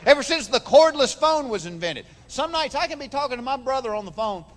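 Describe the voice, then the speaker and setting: High-voiced Southern man doing stand-up. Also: expressive, a little fast, in a large hall. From Georgia, US. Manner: folksy storytelling with voices. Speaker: stand-up comedian. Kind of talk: stand-up comedy routine. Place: large theater stage before an audience.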